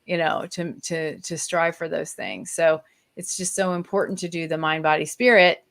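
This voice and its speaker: A woman's voice: deep voice, moderate pace, vocal fry. A woman co-hosting a casual podcast at home, reflective and full of "you know" fillers. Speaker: podcast co-host. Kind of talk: casual chat. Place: at home with a toddler nearby.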